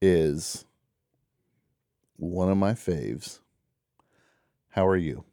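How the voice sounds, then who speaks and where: A man's voice: low-pitched, extremely slow, dark tone, no room sound, studio quality. A man hosting a call-in radio show, chatting in a rambling way with lots of fillers and restarts. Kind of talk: casual call-in radio chat.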